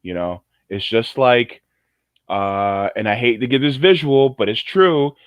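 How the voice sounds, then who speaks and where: A man's voice: medium pitch, a little slow, smooth, dry recording. A man co-hosting a casual livestream chat, rambling and jokey with many restarts. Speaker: co-host. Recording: muffled lo-fi audio.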